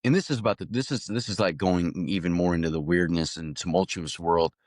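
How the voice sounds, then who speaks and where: Low-voiced man telling an animated story. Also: fairly quick, dry recording, clean studio sound. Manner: animated, laughs often, many restarts. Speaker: actor guest. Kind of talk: casual storytelling.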